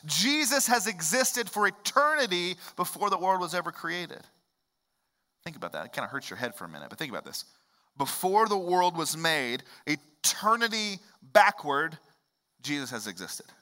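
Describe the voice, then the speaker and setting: A man, preaching a sermon in a conversational way that swings up into loud, emphatic rises. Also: high-pitched, very animated, normal speed. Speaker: pastor.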